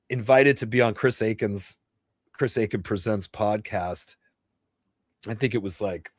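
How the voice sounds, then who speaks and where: A man's voice: lowish voice, no echo, clean studio sound. Blunt, swearing man in his fifties. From New Jersey, USA. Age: 50s. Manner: blunt, profane, rambling with restarts. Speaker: host. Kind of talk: casual livestream Q&A chat. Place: home livestream setup.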